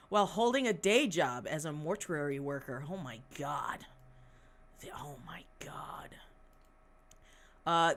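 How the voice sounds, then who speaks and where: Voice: medium pitch, bright, forceful tone. A podcast host giving casual, sarcastic commentary on news articles, reading passages aloud and breaking off with mocking, profane asides. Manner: sarcastic, mocking, swears often.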